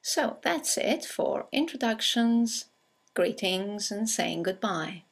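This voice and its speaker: Slow, husky-voiced woman teaching English. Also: mid-range voice, lively intonation. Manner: slow, clear teaching delivery, reading example dialogues aloud. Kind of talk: scripted English lesson narration.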